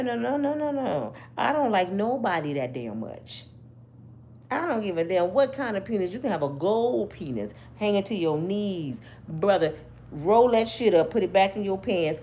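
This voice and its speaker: A woman's voice: medium pitch, mellow, a little hiss or hum. A woman host giving brash, profane storytelling commentary, laughing often.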